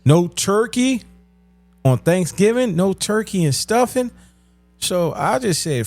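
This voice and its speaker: Man telling crude comedy stories, slow and lively. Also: high voice. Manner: slow, drawn-out delivery that breaks into loud laughing; crude, profane street slang. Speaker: stand-up comedian. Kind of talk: comedic storytelling.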